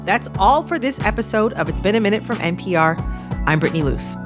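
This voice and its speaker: A woman hosting a public radio interview, speaking in a thoughtful, personal and measured way. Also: mid-range voice, animated, over music. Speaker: podcast host.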